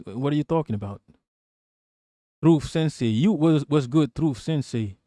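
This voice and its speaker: Male stream host from Malaysia, profane and jokey, slightly high voice, dry sound. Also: expressive, measured pace, long pauses, dark tone, no echo. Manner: profane, joking, reads chat aloud. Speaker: livestream host. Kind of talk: casual political rant on a livestream.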